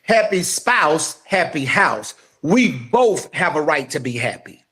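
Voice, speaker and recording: This adult man, co-hosting a podcast, has a voice that sits high for a man, with big pitch swings and a bright, forceful tone at a slow pace. Like a preacher, he builds his points emphatically and calls out directly to the audience in impassioned talk.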